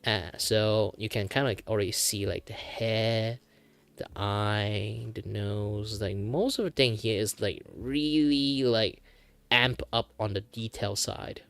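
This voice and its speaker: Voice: mid-range voice, takes it slowly, fairly bright tone, clean tone, no room sound. A VTuber from Malaysia, chatting casually while drawing on stream, with many fillers and restarts. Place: home streaming setup.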